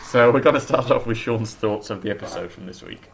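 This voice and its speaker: A man's voice: mid-range voice, fairly quick, gravelly. A man co-hosting a casual chat show, opinionated and talkative, often restarting his sentences. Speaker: podcast co-host.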